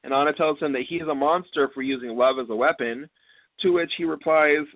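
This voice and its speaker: A man's voice: on the high side, fairly quick, no echo. Man recapping over a tinny line. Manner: chatty, recaps at length with playful asides. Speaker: podcast co-host recapping an episode. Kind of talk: casual podcast chat. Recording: tinny phone-like line with faint hiss.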